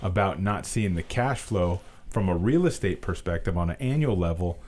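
Deep-voiced man on a podcast. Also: animated, normal speed, a little mellow. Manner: easygoing, explains at length, asks questions. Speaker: podcast co-host. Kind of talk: casual chat.

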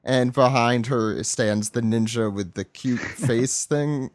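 A man's voice: medium pitch, measured pace, hardly any pauses, fairly bright tone, no echo, clean studio sound. A man hosting a podcast, casually recapping a comic chapter and putting on voices for the characters' lines. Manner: rambling, acts out quoted lines with voices. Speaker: podcast host.

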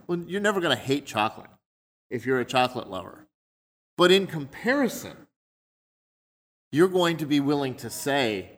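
A man's voice: mid-range voice, big pitch swings, moderate pace, pauses often, fairly bright tone. Conversational male preacher giving a sermon. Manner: conversational, with everyday examples.

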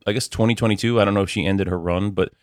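Low-voiced man co-hosting a film podcast. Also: steady tone, racing, no room sound, clean studio sound. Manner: rambling, hedging with many fillers. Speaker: podcast co-host. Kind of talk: casual film discussion.

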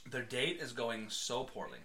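A man's voice: mid-range voice, normal speed. A man co-hosting a casual podcast, chatting about comics, laughing often and acting out lines. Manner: animated, laughs often, acts out quotes. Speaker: podcast co-host. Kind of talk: casual comic book chat.

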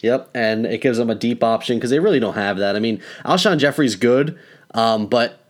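A man's voice: mid-range voice, moderate pace. A young man co-hosting a podcast, chatting casually about football with opinionated takes and frequent laughs. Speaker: podcast co-host. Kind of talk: casual sports chat.

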